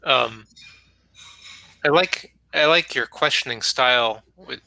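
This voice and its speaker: Bright, gravelly man giving frank feedback. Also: mid-range voice, takes it slowly, rough recording. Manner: frank, thinks aloud with many fillers. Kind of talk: casual chat during an online poker game.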